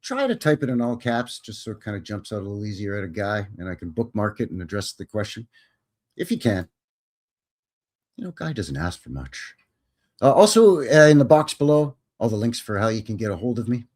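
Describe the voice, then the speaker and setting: A man's voice: fairly low pitch, big pitch swings, fairly quick, a little mellow. A man hosting a casual live stream, rambling in a folksy way and chuckling as he answers viewers' questions.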